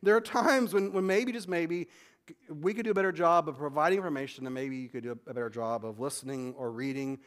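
Guy pastor with a fairly high voice, chatty sermon, keeps restarting sentences. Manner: conversational preaching, acts out quick back-and-forth dialogue; frequent restarts and repeated words.

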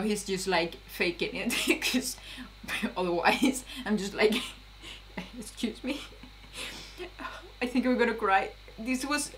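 A young woman reacting to a TV episode in casual commentary, excitable, laughing and swearing often. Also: mid-range voice, a little hiss or hum. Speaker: reaction video host.

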